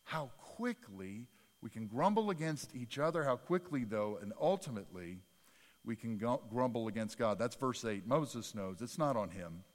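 A man preaching a sermon in a church sanctuary, animated, with folksy, self-deprecating humor. His delivery swings from soft asides to loud, emphatic bursts. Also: medium pitch, normal speed, big-room sound. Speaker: pastor.

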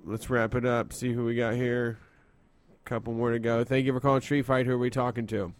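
A man's voice: medium pitch, level tone, brisk, no room sound. A man hosting a call-in show, talking in a friendly, easygoing way. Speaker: host.

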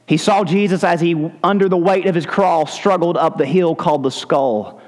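A man's voice: fairly high pitch, normal speed, a little mellow, in a large hall. A male pastor preaching a sermon in a church, retelling scripture in a vivid, dramatic storytelling manner. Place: church sanctuary.

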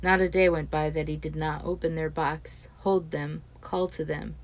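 A woman reading a story aloud as its narrator, steady and expressive. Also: deep voice, normal speed. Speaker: audiobook narrator.

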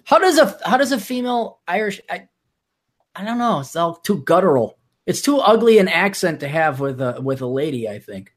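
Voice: medium pitch, very animated, moderate pace. A podcast host in casual chat who reads a news story aloud, mocking it and laughing between lines. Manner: joking, mocking, laughs often.

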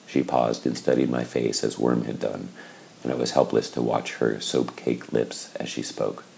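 Audiobook narrator, male, very low and gravelly, dark and measured. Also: fairly even intonation, a little hiss or hum, rough recording. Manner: measured, reflective.

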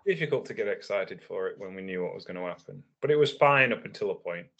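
A man co-hosting a casual wrestling podcast, talking in a relaxed, analytical way and laughing easily. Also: sits low, quick pace, vocal fry, husky.

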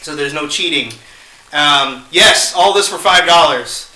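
A man's voice: a little high, a little slow, sharp tone. A man chatting casually on a video, groaning, laughing and swearing as he talks. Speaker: vlogger eating spicy ramen. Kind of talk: casual chat. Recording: roomy sound, distant from mic.

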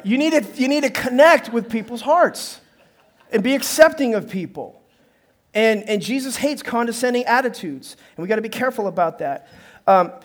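A pastor preaching a sermon who tells stories with animated acted-out dialogue and frequent laughter. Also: male voice, high voice. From northern United States. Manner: animated storytelling, acts out dialogue, laughs often.

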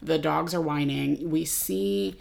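A woman co-hosts a casual podcast, talking in an animated, laughing way. Her voice sits low and carries a gravelly fry. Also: slow. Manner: animated, laughing, full of fillers. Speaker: podcast co-host. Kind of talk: casual chat.

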